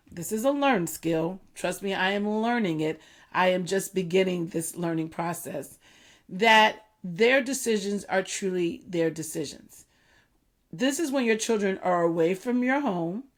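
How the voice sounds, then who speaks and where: A middle-aged woman talks through her thoughts in an earnest, reflective monologue. She keeps a very slow, deliberate pace at an ordinary middle pitch. She often repeats a line more slowly so it sinks in. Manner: earnest, measured, repeats key points slowly. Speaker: podcast host. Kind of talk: reflective solo talk.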